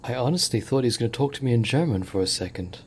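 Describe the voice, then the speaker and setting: A man hosting a let's play, commentating with excitable, wide-eyed awe and the odd swear. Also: mid-range voice, fast, a little hiss or hum.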